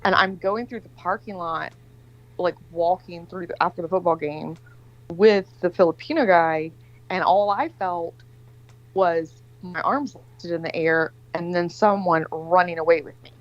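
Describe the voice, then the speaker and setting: Appearing as a livestream guest over a video call, a woman in her forties rambles through a lengthy, casual story, swearing freely and acting out quotes. She speaks unhurriedly in a lowish voice, and the sound is dull.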